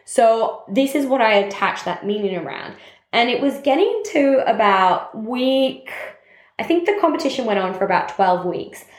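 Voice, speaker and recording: A woman's voice: fairly high pitch, expressive, moderate pace. A young adult woman who leads a network marketing team, talking openly and reflectively about her setbacks in a confessional, self-help way, with plenty of "like" fillers. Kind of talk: personal reflective monologue. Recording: roomy echo.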